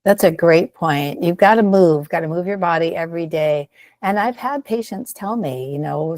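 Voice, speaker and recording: A woman's voice: lowish voice, normal speed, a little mellow, dry recording. A woman respiratory therapist co-hosting a health podcast, talking in an upbeat, coaching way. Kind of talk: casual health podcast chat.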